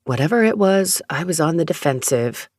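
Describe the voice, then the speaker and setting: An audiobook narrator reading a first-person romance story in a steady, even storytelling manner. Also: mid-range voice, moderate pace, no room sound, studio quality.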